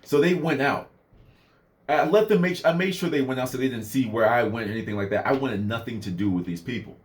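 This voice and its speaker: A man's voice: mid-range voice, fast. A young man casually telling a personal story in a rambling way, full of fillers and asides. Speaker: vlogger.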